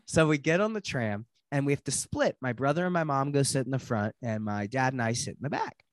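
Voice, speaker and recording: A man's voice: mid-range voice, expressive, brisk, dry recording. A man in his thirties, co-hosting a podcast in casual chat, telling a story animatedly, acting out voices and laughing often. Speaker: podcast co-host.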